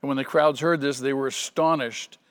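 A man's voice: medium pitch, fairly even intonation, normal speed, big-room sound. A man preaching a sermon as pastor, earnest and emphatic, repeating key phrases for stress.

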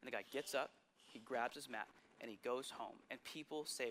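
A man preaching a sermon, retelling scripture stories with lively asides and sudden drops to a hush. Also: medium pitch, normal speed, slight background noise.

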